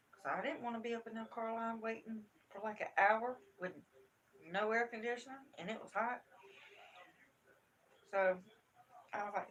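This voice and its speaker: A middle-aged woman hosting a live stream from home, telling a story in an animated, emphatic, folksy way. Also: on the high side, normal speed, long pauses, a little hiss or hum. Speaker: crochet channel host.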